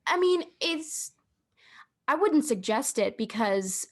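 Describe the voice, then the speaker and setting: A young woman and drama student co-hosting a podcast, coaching in casual chat with a teasing, deadpan manner and frequent restarts. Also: high-pitched, slow pace. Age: young adult.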